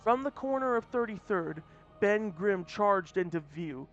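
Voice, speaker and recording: A man with a high voice reads a story aloud in a casual manner, often stumbling and restarting mid-phrase. The recording sounds muffled and lo-fi, with faint music in the background. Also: animated, a little slow, a bit bright. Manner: plain reading with frequent restarts. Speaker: story reader. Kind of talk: casual read-aloud narration. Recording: dull lo-fi audio, faint music.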